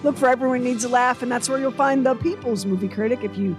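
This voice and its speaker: A radio host wraps up a segment with quick, promotional plugs. The delivery is upbeat and businesslike, with a loud music bed playing underneath. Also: medium pitch. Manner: brisk, promotional. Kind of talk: radio show outro.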